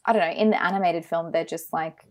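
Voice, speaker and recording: A woman's voice: on the low side, steady tone, fast talker. An Australian woman co-hosting a podcast, giving blunt, emphatic opinions in a casual film chat. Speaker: podcast co-host.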